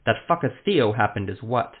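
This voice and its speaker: A man's voice: medium pitch, normal speed, lightly acted. A man reading aloud, voicing a male sorcerer who heals a wounded friend and curses under pressure. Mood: frantic. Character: anxious male sorcerer healer, cursing under strain. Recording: tinny phone-like lo-fi sound.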